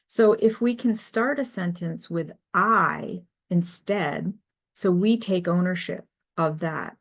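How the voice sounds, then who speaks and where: A middle-aged woman presents a business webinar as an HR consultant, speaking slowly in a somewhat low voice. Her delivery is measured and explanatory, with frequent fillers as she works through her points.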